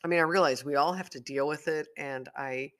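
A man's voice: fairly high pitch, fairly quick, a bit bright. A man talking through his week in a casual, rambling monologue as a podcast host, full of "you know" fillers and self-deprecating asides.

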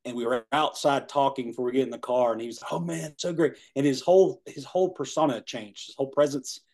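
A man's voice: medium pitch, fast talker, a little mellow. A man in his forties telling a rambling personal story in casual chat, laughing often and saying "man" and "you know". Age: 40s. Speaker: guest.

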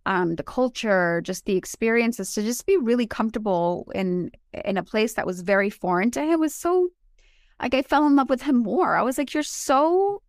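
A woman in her forties, born in Colombia, telling animated and emotional stories as a podcast co-host. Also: a little high, moderate pace, dry recording, clean studio sound. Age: 40s. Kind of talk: casual chat.

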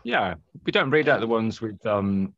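A man's voice: fairly low pitch, big pitch swings, moderate pace, a bit bright, dry recording. A man hosting a podcast, chatting casually with teasing, sarcastic humor. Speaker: podcast host. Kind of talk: casual banter. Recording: dull dry lo-fi sound.

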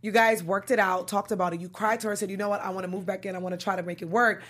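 A young woman hosting a casual TV recap chat show, chatty and animated, laughing often. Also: mid-range voice, very fast. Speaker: podcast host.

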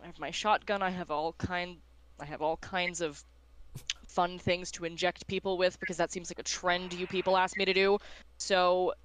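A woman's voice: lowish voice, little pitch movement, moderate pace, smooth, lightly acted. A woman voicing a confident, sardonic woman investigator in a tabletop game. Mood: wry. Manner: wry, self-assured.

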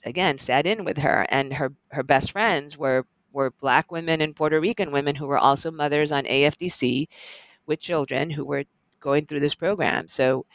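A middle-aged woman professor telling stories in a lively, animated way as an interview guest. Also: sits low, moderate pace, no echo. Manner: lively, animated storyteller with laughs. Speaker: guest, professor and journal editor. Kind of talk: conversational interview storytelling.

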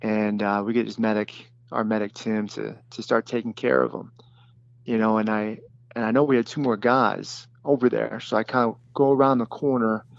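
A man who was a detachment commander, recounting a battle in plain, halting speech with many fillers and restarts. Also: on the low side, level tone, vocal fry, dull audio. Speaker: former special forces detachment commander. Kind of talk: recounting a combat story in an interview.

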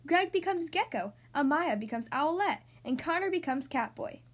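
A woman who hosts a podcast reads a picture book aloud to small children. Her voice is high and swings widely in pitch as she goes. She speaks in a friendly, animated way. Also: moderate pace. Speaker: podcast host reading to kids. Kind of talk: storybook read-aloud.

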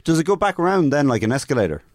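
Quick talking guy riffing on a podcast, lowish voice all over the place. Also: very animated, darkish tone, no echo, clean studio sound. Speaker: podcast host. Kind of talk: casual chat.

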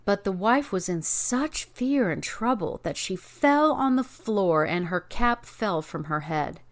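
Woman reading a fairy tale aloud. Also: mid-range voice. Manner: measured, expressive reading. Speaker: narrator. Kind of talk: storybook narration.

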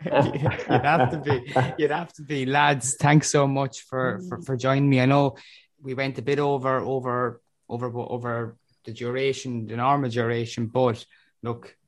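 A man of middle pitch hosts a relaxed fan podcast. He thanks his guests and trips over his words, repeating phrases as he finds them. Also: normal speed. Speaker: podcast host. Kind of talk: casual podcast wrap-up.

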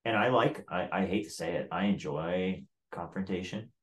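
A man's voice: deep voice, moderate pace. A man telling a story in casual chat, blunt and profane, with lots of "like" in his talk.

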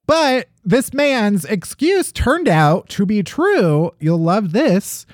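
Lively joking man reading odd news. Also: high-pitched, slow, dry recording, clean studio sound. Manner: jokey, animated storytelling with laughs. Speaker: podcast co-host. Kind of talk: casual comedic news chat.

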